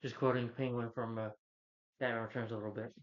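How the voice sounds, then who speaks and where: A man rambling through a casual movie review, often restarting his sentences and slipping into quoted lines. His voice sits at an ordinary middle pitch, and the recording sounds dull and lo-fi. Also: flat delivery, quick pace.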